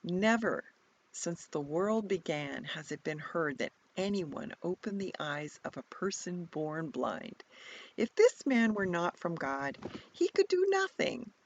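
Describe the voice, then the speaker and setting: A woman's voice: medium pitch, sing-song, normal speed, darkish tone, muffled recording, voice pushed up. A woman reading the part of a man born blind who has been healed, giving pointed, slightly snarky retorts. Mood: emphatic. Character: man born blind, newly sighted, bold and exasperated.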